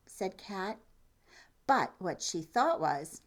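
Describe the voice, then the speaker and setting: Unhurried woman reading a picture book aloud. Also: on the low side, expressive. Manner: unhurried, asks the listener questions about the pictures. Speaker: storytime reader.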